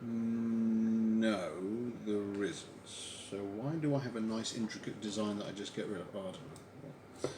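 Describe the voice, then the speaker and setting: A man's voice: fairly low pitch, a little slow. A man hosting a livestream, chatting casually and telling stories while crafting. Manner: lively, chatty storyteller. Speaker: livestream host. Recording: echoey room, faint background hiss.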